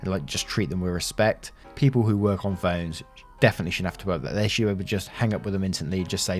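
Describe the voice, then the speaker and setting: A man's voice: deep voice, quick pace. A man narrating online stories aloud, with casual asides of his own between them. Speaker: story narrator. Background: faint background music.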